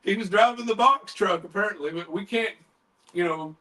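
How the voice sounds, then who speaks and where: A man hosting a paranormal chat show tells a story in a loose, animated way, acting out what others said. His voice is high and bright. He sounds a little distant from the microphone. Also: moderate pace. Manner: animated, retells others' words in quotes, swears casually. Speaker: paranormal podcast host.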